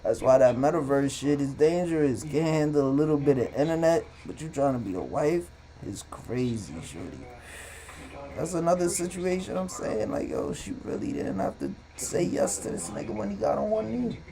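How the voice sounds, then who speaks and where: A man's voice: fairly high pitch, moderate pace. A man hosting a live stream, ranting casually and profanely about relationships and social media. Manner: loose, profane, animated rants. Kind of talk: casual commentary monologue.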